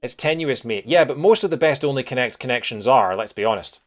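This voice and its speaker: A man's voice: medium pitch, animated, a little fast. Chatty Scottish man streaming a game. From Scotland. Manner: rambling, jokey, self-deprecating, chatty. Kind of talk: casual let's-play chat.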